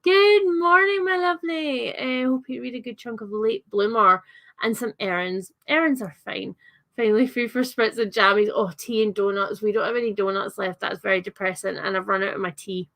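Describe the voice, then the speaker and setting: A woman's voice: mid-range voice, steady tone, fairly quick, vocal fry, fairly bright tone. A young adult woman with a Scottish accent chatting on a livestream, reading out comments with lots of fillers and giggles. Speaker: livestream host.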